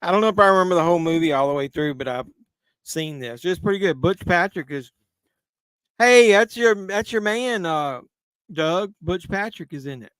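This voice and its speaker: A man's voice: sits high, expressive, moderate pace, a bit bright, smooth, no room sound. A man hosting a live movie watch-along, making casual commentary full of crude jokes. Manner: crude joking banter. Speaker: live-stream host.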